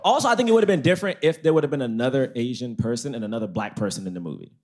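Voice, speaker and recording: A fast-talking man co-hosting a live podcast recorded on a festival stage. His voice sits a little high and leaps around as he tells stories with emphatic, slangy asides. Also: lively intonation, a little mellow. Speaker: podcast co-host. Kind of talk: live podcast film discussion.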